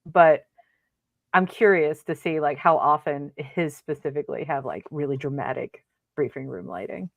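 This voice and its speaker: A woman's voice: sits low, moderate pace, creaky, no echo, highs cut off. A woman co-hosting a podcast, musing chattily with many filler words. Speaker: podcast co-host. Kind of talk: casual chat.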